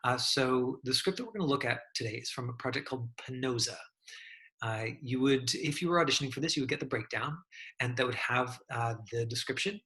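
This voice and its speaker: A man's voice: mid-range voice, brisk, bright, forceful tone. A man teaching an online acting class over a video call, talking in a loose, chatty way full of fillers and restarts.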